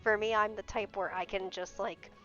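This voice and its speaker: A woman's voice: medium pitch, fairly even intonation, normal speed, a bit bright. A young adult woman streamer in casual chat, talking bluntly and swearing freely. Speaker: game streamer. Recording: dull lo-fi stream audio with faint music.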